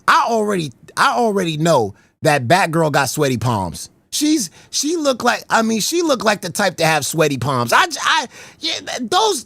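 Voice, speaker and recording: A man giving casual livestream commentary, animated, laughing often and stammering over repeated words. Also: sits high, dry recording.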